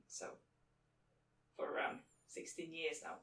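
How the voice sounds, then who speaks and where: Slow, tentative Swedish woman, distant. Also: fairly low pitch, sing-song, pushed and bright. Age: 30s. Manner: tentative, self-deprecating. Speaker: podcast co-host, game master. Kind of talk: casual podcast chat. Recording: roomy, distant mic.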